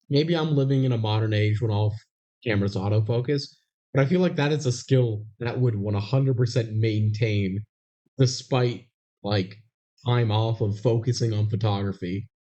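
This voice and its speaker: A man's voice: lowish voice, mellow, highs cut off. A man co-hosting a podcast, adding dry, wry comments to a movie recap. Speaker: podcast co-host. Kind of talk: casual movie recap chat.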